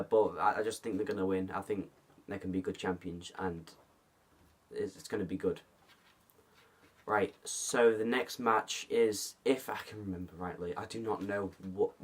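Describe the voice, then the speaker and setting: A man's voice: on the low side, fairly bright tone. A man hosting a casual vlog, rambling through predictions with restarts and putting on mock fright. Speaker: host. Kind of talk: casual vlog commentary and spoof skit.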